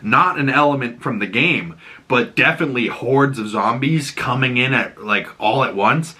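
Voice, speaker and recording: Excitable rambling man with a bright voice. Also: mid-range voice, normal speed. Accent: Boston. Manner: excitable, rambling, crude jokes. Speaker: video host. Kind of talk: casual TV episode breakdown.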